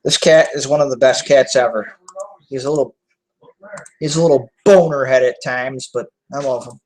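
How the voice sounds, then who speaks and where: A man's voice: medium pitch, normal speed, darkish tone, low-quality recording. A young adult man hosting a live online talk show, chatting casually and loosely with lots of fillers, self-corrections and casual swearing. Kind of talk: casual rambling chat.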